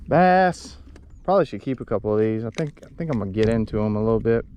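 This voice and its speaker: A man's voice: on the low side, lively intonation, quick pace, a little mellow, slight background noise. A man, vlogging while fishing from a boat in a marsh, rambling and frustrated as he talks to viewers. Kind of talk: casual outdoor fishing vlog.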